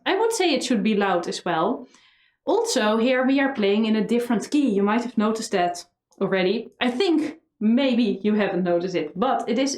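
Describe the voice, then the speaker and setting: Her medium-pitched, darkish voice carries a Dutch accent as she gives a lively violin tutorial, singing melody lines on syllables. The room echoes, and a violin can be faintly heard.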